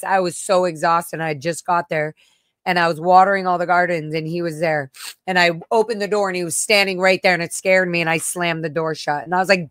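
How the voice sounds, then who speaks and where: A woman with a fairly low voice hosts her own livestream, speaking candidly and with raw emotion. She curses bluntly and reacts sharply as she reads messages aloud. The sound is dry and close to the mic, with no room echo. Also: fairly even intonation, brisk, fairly bright tone. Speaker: livestream host. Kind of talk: candid personal livestream talk.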